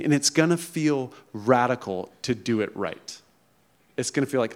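A man's voice: mid-range voice, animated, normal speed. A male pastor preaching a conversational sermon who often checks in with the congregation. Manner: conversational, emphatic, checks in with "okay?" and "right?".

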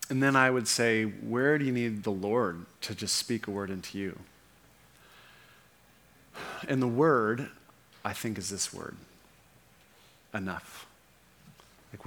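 A man preaching a sermon as pastor, earnest, often slowing down and dropping softer to press a point. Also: fairly low pitch. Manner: earnest, slows and softens for emphasis.

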